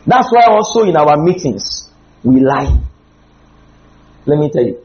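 A man preaching a humorous, animated sermon with sudden loud outbursts. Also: fairly high pitch, measured pace, reverberant, lo-fi sound.

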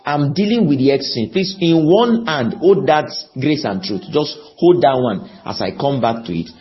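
A man's voice: medium pitch, expressive. A man preaching a sermon, emphatic and pleading, often putting questions to his listeners. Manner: emphatic, slow, pleading, asks the audience questions. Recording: dull lo-fi recording.

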